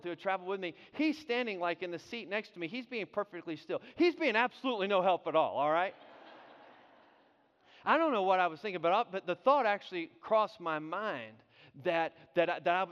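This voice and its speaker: High-voiced preacher in a reverberant hall. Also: male voice, clear, resonant tone. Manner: animated storyteller, repeats words and restarts. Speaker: pastor. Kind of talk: sermon with personal story. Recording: dull sound with long hall reverb.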